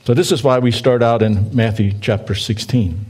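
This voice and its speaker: A man's voice: medium pitch, moderate pace, darkish tone, husky. A man preacher giving a conversational sermon in church, reading scripture aloud and inviting the congregation to read along, with playful asides to the listeners. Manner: reads scripture aloud and asks the congregation to join in.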